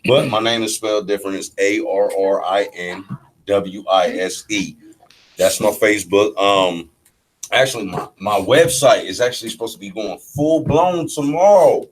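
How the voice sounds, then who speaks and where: A man's voice: fairly low pitch, normal speed, poor audio. A young man from Pennsylvania, a rapper guest on a radio show, talking loosely and spelling out his handles. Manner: laid-back, swearing, spells out names. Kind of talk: casual radio chat.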